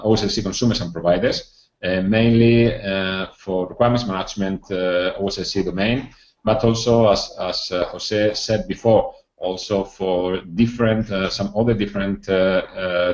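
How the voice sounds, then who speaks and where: A man giving a technical presentation at a training session, halting with many filler sounds and restarts. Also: low-pitched. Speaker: project presenter. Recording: dull echoey room recording.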